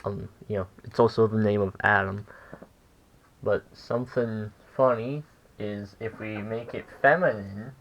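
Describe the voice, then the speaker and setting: A young man giving a casual language lesson, halting and full of fillers as he corrects himself. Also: on the low side, fairly even intonation, a bit bright, dull audio. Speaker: language teacher.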